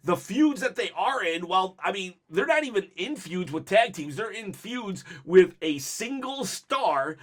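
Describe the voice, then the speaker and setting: A man hosting a wrestling video channel, talking in a casual, animated way, full of fillers and laughing often as he goes. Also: sits high, a little slow, few pauses. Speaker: wrestling vlog host. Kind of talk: casual commentary.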